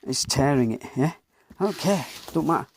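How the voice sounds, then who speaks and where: A man's voice: fairly high pitch, animated, moderate pace. A Northern English man who is slightly out of breath, talking bluntly through his woodworking as he works in a workshop. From England. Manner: blunt, mutters while working, occasional mild swearing. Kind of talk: workshop commentary while working. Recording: clear workshop noise behind. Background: planing, rubbing and wood noises.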